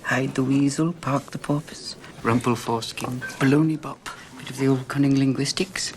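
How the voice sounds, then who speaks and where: A man's voice: medium pitch, steady tone, normal speed, a little hiss or hum, natural voice. An actor voicing a prim elderly Scottish nanny woman with a Scottish accent, genteel and sly.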